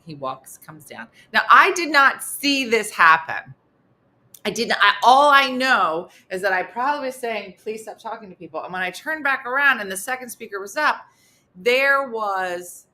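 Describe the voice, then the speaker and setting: A woman comedian and host telling a funny story with animated exasperation. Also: mid-range voice. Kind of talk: comic storytelling.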